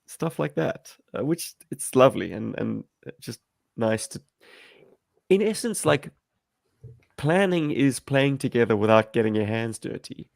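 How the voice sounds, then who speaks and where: A man's voice: medium pitch, lively intonation, measured pace, vocal fry, no echo, clean studio sound. A man from South Africa, a guest on a video-call livestream, talking in a rambling, self-deprecating way with many fillers. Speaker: amateur filmmaker guest. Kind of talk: livestream discussion.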